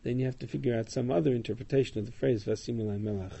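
A man's voice: mid-range voice, fairly even intonation, rapid-fire, gravelly, dark tone, husky. A man teaching a Torah class, explaining Hebrew verses and their translations, with frequent ums and uhs. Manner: explanatory, chanting Hebrew verses, many fillers.

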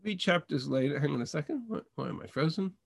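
A man's voice: fairly high pitch, animated, fast talker, vocal fry, breathy edge, no room sound. Man teaching a Bible text class. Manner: reads verses in Hebrew then translates, with frequent restarts. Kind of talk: online text study lesson.

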